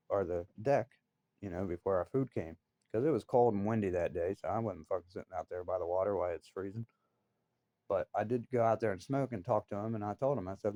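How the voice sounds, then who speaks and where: A man's voice: on the low side, mellow, dry recording, clean studio sound. A man telling a work story in a blunt, heated, profane way. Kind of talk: casual storytelling.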